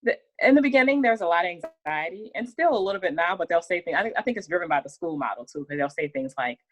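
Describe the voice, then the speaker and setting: A woman guest in a casual interview, telling her story in an animated way and acting out what others said. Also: lowish voice, fast, low-quality recording. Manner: animated storytelling with laughs and acted-out quotes. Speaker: interview guest, working mother.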